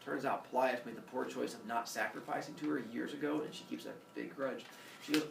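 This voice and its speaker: A man's voice: medium pitch, fairly even intonation, a little fast, creaky, a little hiss or hum. A male teacher retelling a myth to his class in a playful, jokey way, acting out the characters. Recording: echoey classroom from far off.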